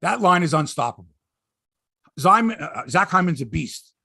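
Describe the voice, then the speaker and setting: A middle-aged man, hosting a casual sports podcast and telling stories in an excitable, animated way, swearing freely. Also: on the high side, moderate pace, vocal fry, no room sound, studio quality.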